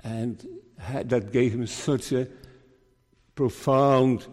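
Slow, earnest preaching man in a hall. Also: medium pitch, fairly even intonation, darkish tone. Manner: earnest preaching, slow deliberate delivery with emphatic rises. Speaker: minister. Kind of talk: sermon.

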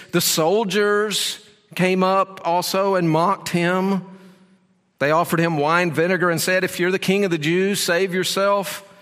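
A man preaching a sermon as pastor, earnest and emphatic, moving between firm statements and hushed asides. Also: mid-range voice. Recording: long reverb of a large hall.

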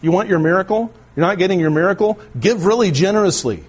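A man's voice: high-pitched, fast, slightly rough, voice pushed up. A man voicing a smug, greedy prosperity preacher in a mocking, wheedling tone during a sermon.

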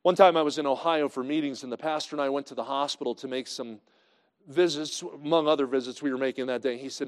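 A man's voice: medium pitch, fast. Baptist preacher man in a reverberant hall. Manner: conversational, swings from loud to hushed. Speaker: pastor. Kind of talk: sermon.

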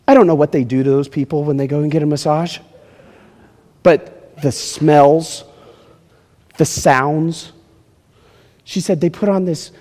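A man preaching a sermon as pastor, animated, acting out little scenes and speaking straight to his congregation. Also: mid-range voice. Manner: animated, acts out quotes, addresses congregation directly. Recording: reverberant hall.

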